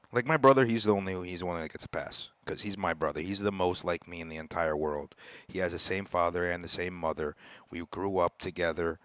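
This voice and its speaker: A man hosting his own podcast in a casual, profane rant that swings between loud outbursts and low mutters. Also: no echo. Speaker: podcast host. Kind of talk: casual ranting monologue.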